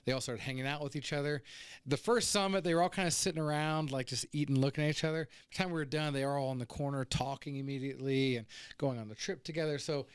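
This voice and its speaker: A man who leads a church kids ministry, talking earnestly and relaxed in a casual chat. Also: mid-range voice, quick pace, smooth, no room sound, studio quality.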